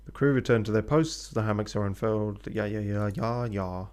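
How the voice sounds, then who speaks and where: A man's voice: fairly low pitch, moderate pace, darkish tone, clear, resonant tone. A man streaming a video game live. He chats casually and offhandedly, swears now and then and mutters asides to himself.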